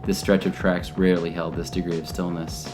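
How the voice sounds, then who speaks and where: A man narrating a scripted audio drama in a measured, even storytelling manner. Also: deep voice. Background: guitar music.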